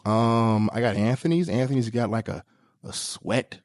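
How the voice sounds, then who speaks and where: A man hosting a podcast, joking through a comedic monologue with sudden leaps into high squeaky tones. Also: normal speed, darkish tone, no room sound, clean studio sound. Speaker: podcast host.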